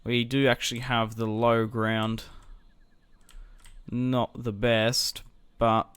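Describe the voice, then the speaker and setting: Young male let's-player, smooth voice, dry close sound, musing as he plays. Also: mid-range voice, little pitch movement, fairly bright tone, no echo. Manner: thinking aloud, musing and unhurried. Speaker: gaming video host. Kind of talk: casual strategy game commentary.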